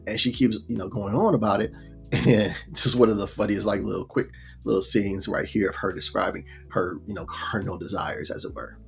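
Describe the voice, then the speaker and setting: A man's voice: on the low side, fairly quick, creaky, soft background music. A man retelling a sitcom episode in a laid-back, rambling way, full of fillers and little acted quotes. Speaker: show reviewer. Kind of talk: casual episode recap.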